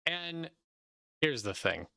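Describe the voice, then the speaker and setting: A young man hosting a podcast, talking in long, animated run-on stretches in a casual chat. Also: a little high, slow, creaky, no echo, clean studio sound. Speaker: podcast host.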